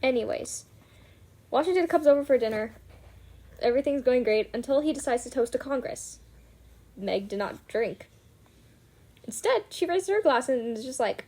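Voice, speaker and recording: A woman's voice: high-pitched, animated, normal speed, long pauses, warm tone. A woman book vlogger who gives a casual, chatty plot recap, full of fillers and swearing.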